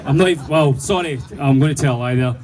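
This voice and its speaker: A man with a Glaswegian accent doing sweary, animated stand-up storytelling and laughing through his punchlines. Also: medium pitch, quick pace, some chatter behind, slight background noise, poor audio. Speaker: stand-up comedian.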